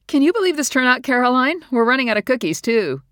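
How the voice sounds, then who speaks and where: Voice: high voice, sing-song, fast, fairly bright tone, no echo, studio quality, pitched above the performer's own voice. A narrator voicing a chatty, cheerful woman calling out at a party. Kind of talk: audiobook character voice.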